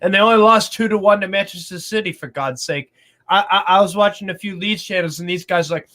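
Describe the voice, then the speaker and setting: A man talking casually about football as a fan on a panel, animated and repeating words as he goes. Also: high-pitched, fast talker.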